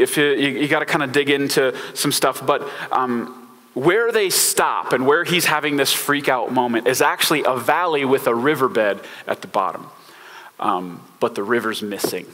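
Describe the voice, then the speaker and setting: A man, a pastor, preaching a relaxed, conversational sermon with many fillers and informal slang. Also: mid-range voice, normal speed, in a large hall.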